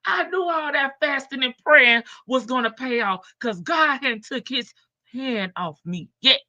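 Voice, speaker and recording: A woman voicing an overjoyed man who shouts his thanks to God. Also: sits high, animated, unhurried, dry recording, highs cut off, voice pushed up, full character voice. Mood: jubilant. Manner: shouting, jubilant.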